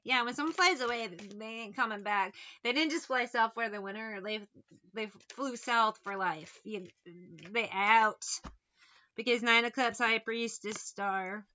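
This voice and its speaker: A woman's voice: a little high, measured pace, pushed and bright, highs cut off. Blunt, swearing woman reading tarot. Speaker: tarot reader. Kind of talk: casual tarot reading monologue.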